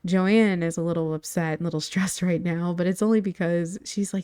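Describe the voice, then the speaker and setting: Woman, game storyteller, casual, chatty, talks to viewers, mellow tone. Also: lowish voice, a little fast, clear, resonant tone, no echo, clean studio sound. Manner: chatty, addresses viewers directly. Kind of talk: casual narration of a life-sim story.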